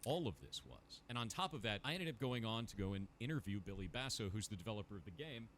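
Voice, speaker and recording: A man explaining and defending himself in a measured, prepared statement. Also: fairly low pitch, very animated, a bit bright, slight background noise.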